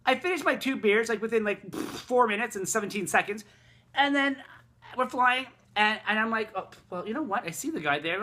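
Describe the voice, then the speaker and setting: A man vlogging a casual, rambling rant, swearing heavily and excitably. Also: sits high, a little fast.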